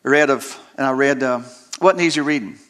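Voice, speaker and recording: A man's voice: mid-range voice, brisk, fairly bright tone. A male preacher delivering a sermon, retelling scripture stories dramatically and often repeating words as he restarts his sentences.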